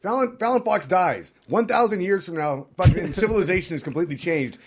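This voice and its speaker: A man's voice: high voice, expressive, fairly quick, slightly rough. A man co-hosting a casual podcast, blunt and emphatic, swearing freely as he argues his point. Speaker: podcast co-host. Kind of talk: casual chat.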